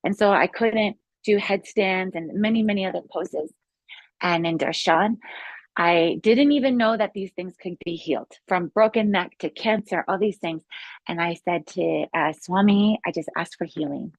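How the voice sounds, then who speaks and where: A woman who is a yoga instructor tells her healing story in a casual, excited, rambling way, with many restarts. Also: fairly low pitch, moderate pace, dry recording. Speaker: guest sharing a healing testimony. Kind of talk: casual spoken testimony.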